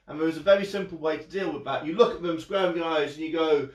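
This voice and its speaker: A man's voice: on the high side, fast talker, hardly any pauses. A young man who entertains children, teaching a magic trick in a playful, jokey way on a live stream from a room at home. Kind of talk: live online magic lesson for kids. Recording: roomy echo, mic at a distance.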